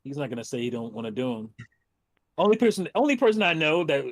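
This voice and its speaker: A man's voice: a little high, big pitch swings, fast talker, no echo. Brash profane podcast co-host man. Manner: brash, profane, laughs often. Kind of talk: casual chat.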